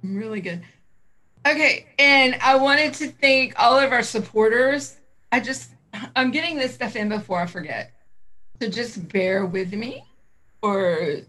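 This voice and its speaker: A woman's voice: on the high side, sharp tone. A middle-aged woman co-hosting a livestream in casual chat, rambling, laughing often and getting easily sidetracked. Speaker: co-host of a vaping livestream.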